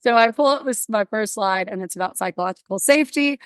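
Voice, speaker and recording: A woman guest on a podcast, bubbly and animated, telling stories and acting out little voices in casual interview chat. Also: on the high side, quick pace, dry recording, clean studio sound. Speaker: podcast guest, workplace wellbeing speaker.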